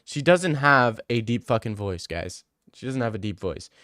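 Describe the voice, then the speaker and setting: A young male streamer chats loosely with his viewers, crude and rambling, always joking. His pitch sits in the middle for a man. The sound is dry and close, with no echo. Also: lively intonation, moderate pace, fairly bright tone. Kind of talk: casual livestream chat, answering viewer messages.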